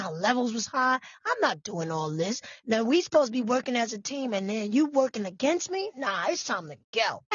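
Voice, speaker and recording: A high-pitched woman vlogging with sassy, animated commentary aimed right at her viewers. Her voice comes through dry and close, with a dull, slightly lo-fi sound. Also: no room sound. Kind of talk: casual commentary on news.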